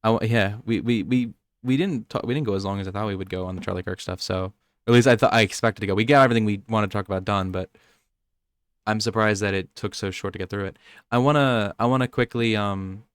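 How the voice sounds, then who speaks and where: A man's voice: fairly low pitch, fast talker, smooth, dry recording, clean studio sound. A young man co-hosting a podcast, rambling through nerdy topics in casual chat and often restarting his sentences. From United States. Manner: rambling, nerdy, self-interrupting. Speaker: podcast co-host.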